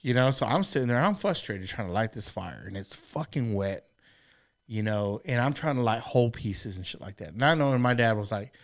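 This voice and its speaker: A man in middle age talks casually on a podcast, winding through a story with plenty of swearing and restarts. His voice sits at an ordinary pitch, and he sounds sincere rather than polished. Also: expressive, fairly quick. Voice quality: profane, rambling, earnest. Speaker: podcast co-host.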